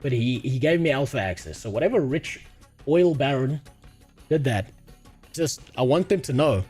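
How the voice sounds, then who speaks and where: A man's voice: medium pitch, lively intonation, moderate pace, darkish tone, breathy edge, soft background music. A man from South Africa with a South African accent, streaming and chatting casually with his chat, crude and sarcastic, often laughing. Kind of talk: casual livestream chat, reading chat.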